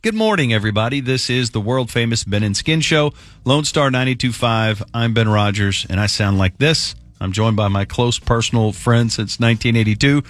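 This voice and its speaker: Energetic male morning radio host. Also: medium pitch, normal speed, no room sound. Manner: energetic, hype-building introductions. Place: radio studio.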